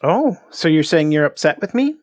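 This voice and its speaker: A woman voicing a cunning fey dragon who bargains slowly and teasingly. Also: deep voice, very animated, a little mellow. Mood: sly. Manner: slow, teasing, sly dealmaker.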